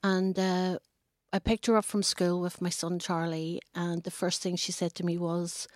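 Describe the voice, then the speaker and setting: A middle-aged woman tells a personal story in an interview. Her voice sits a little low and her manner is earnest, with small hesitations. The recording is dry and close, with no room sound. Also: level tone, moderate pace, no room sound. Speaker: interviewee, mother.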